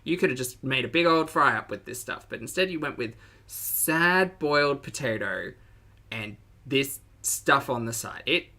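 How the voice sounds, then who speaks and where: Brief: woman streamer with a Southern US accent, bright tone, casual reaction chat, laughs a lot and greets viewers. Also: extremely low pitch, expressive, moderate pace. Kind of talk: casual live-stream commentary.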